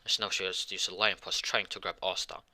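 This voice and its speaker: A man improvising a fan-fiction story out loud, rambling and halting with many restarts and self-corrections. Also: deep voice, little pitch movement.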